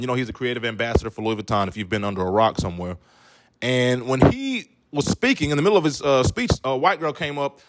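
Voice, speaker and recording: A man's voice: medium pitch, fairly bright tone. A male comedian giving loose, joking reaction commentary full of slang and asides. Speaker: comedian, video host.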